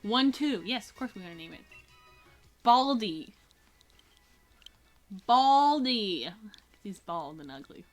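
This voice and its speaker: A woman's voice: on the low side, very animated, quick pace, hardly any pauses, faint music behind. A young woman streaming a video game, chatting in a playful, goofy, joking way. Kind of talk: casual gameplay chat.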